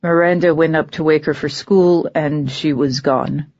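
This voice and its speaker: Brief: gruff middle-aged father, stern, lower and mellow, read by a woman, dull lo-fi audiobook audio. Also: steady tone, measured pace.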